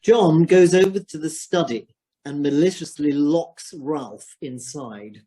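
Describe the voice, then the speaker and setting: A man with a mellow, slightly husky voice reads stage directions plainly. His delivery is even and matter-of-fact. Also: fairly high pitch, slow. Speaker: narrator reading stage directions.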